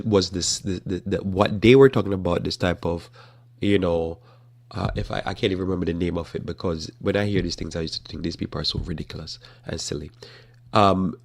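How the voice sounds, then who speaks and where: A man with a very low, gravelly voice hosts a current-events talk show. He talks in a lively, animated way, firing rhetorical questions at his listeners and stumbling into quick restarts. His rough, low tone carries through every line. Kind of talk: casual commentary.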